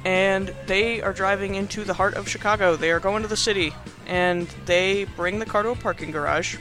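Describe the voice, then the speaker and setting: A man's voice: high-pitched, steady tone, normal speed, pushed and bright, soft background music. A man hosting a podcast, casually recapping a movie in a rambling, chatty way with frequent laughs. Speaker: podcast host. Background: movie soundtrack playing faintly.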